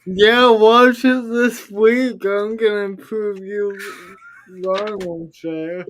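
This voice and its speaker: A high-voiced man teases his friends in an easygoing chat. He talks slowly, and faint noise sits behind his voice. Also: steady tone, fairly bright tone. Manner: teasing banter.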